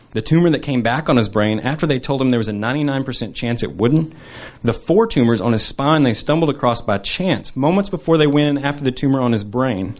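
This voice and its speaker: Male storyteller, reads his own essay live, earnest, steady, mid-pitched. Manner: earnest, measured reading in present tense. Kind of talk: reading a personal essay aloud at a live show.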